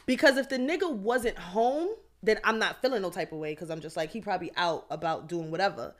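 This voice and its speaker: A woman's voice: on the low side, brisk. A woman co-hosting a podcast, casually telling a story with lots of swearing and quoted texts. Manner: animated, swearing, quotes her own texts. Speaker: podcast co-host.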